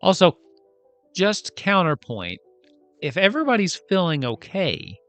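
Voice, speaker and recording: A man playing and hosting a tabletop game, chatty and quick to laugh. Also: sits high, big pitch swings, fairly bright tone, soft background music. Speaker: player and show host. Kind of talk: casual tabletop game chat.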